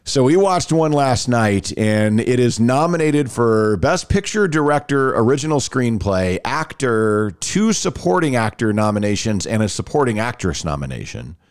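A man's voice: mid-range voice, sing-song, moderate pace, hardly any pauses, clear, resonant tone, no room sound, clean studio sound. A man hosting a podcast, chatting casually and rambling with frequent restarts. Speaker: podcast host. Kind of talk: casual chat.

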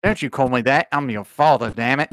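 A man's voice: mid-range voice, fairly quick, fairly bright tone, slight background noise, lightly acted. A man voicing an aging male parakeet father who pleads with the son he lost. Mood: hurt. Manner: pleading, wounded.

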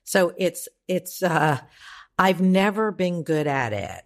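A woman's voice: fairly low pitch, big pitch swings, slow. A woman life coach on a podcast, talking emphatically and profanely, acting out the voices in people's heads. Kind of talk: podcast conversation.

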